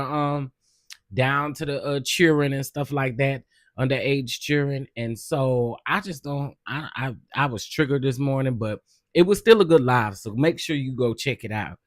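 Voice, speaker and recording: A man's voice: mid-range voice, dry recording. Chatty man hosting a dry live stream. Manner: chatty, greets viewers by name, drawn-out repeated greetings. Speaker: livestream host. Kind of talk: casual live-stream chat.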